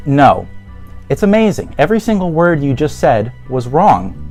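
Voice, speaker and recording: Male YouTuber ranting in commentary, animated sarcastic delivery, faint music underneath. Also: on the high side, moderate pace. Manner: sarcastic, exasperated, laughs often.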